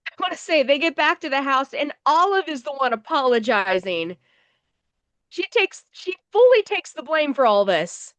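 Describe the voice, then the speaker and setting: Woman, film podcast co-host, high voice, dry close sound, wry interjections. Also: big pitch swings, normal speed, fairly bright tone, dry recording, lo-fi sound. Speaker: podcast co-host reviewing films. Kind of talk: casual chat about a movie.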